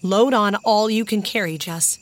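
A woman's voice: medium pitch, a little slow, close to an everyday voice. A woman reading a storybook voicing a sensible older brother who talks steadily and reassuringly.

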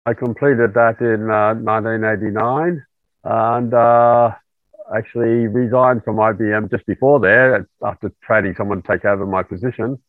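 A middle-aged Australian man speaking as a guest over a remote call, talking in an unhurried way with many fillers. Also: on the low side, fairly even intonation, no room sound. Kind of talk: remote interview. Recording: tinny call line, very dry.

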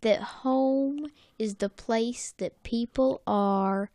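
A woman's voice: on the high side, very slow, warm tone, slight background noise. A woman putting on a drawling Southern squirrel gal. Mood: earnest. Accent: put-on Southern US. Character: homesick female squirrel from the South, earnest.

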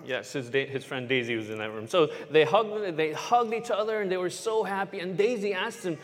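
A man tells a story as a children's sermon. His voice sits a little high, and he keeps checking in with his young listeners. It echoes with a long church-hall reverb. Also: animated, brisk, hardly any pauses. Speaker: pastor.

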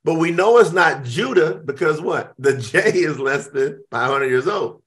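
A middle-aged man with a slightly high voice talks a little slowly in a casual discussion about Hebrew names. He tells stories with animation, acting out both sides of the conversations.

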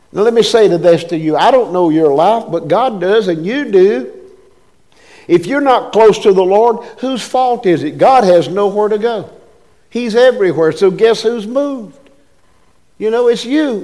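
A man with a high voice preaches in a folksy, emphatic way and calls out to his listeners. His pastor's sermon rings through a church with a long, lingering reverb. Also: darkish tone. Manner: folksy, emphatic preaching with call-outs to the congregation.

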